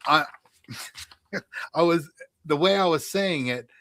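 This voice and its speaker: Animated male radio co-host. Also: fairly high pitch, slow, dry recording. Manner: animated, laughs while telling stories. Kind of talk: casual chat and quiz hosting.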